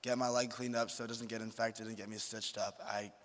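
Teen guy, relaxed storyteller, lowish voice, reverberant hall. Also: brisk. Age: late teens. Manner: relaxed, uses "like" and "um" often. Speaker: high school senior on a panel. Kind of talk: casual storytelling. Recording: echoey hall.

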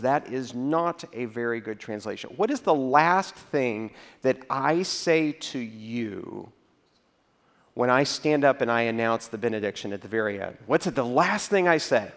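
A pastor preaches a sermon to his congregation in a mid-pitched voice, a little slow in pace. He tells his stories in a relaxed, conversational manner and drops his voice low when acting out his own reactions.

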